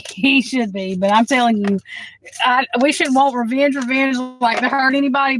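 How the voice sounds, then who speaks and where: A woman with a fairly high voice gives a live tarot reading, talking straight into her phone. She is chatty and blunt, swears freely, and keeps calling the viewer "girl" between bursts of laughter. It sounds like an off-the-cuff livestream. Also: slight background noise, low-quality recording. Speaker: tarot reader.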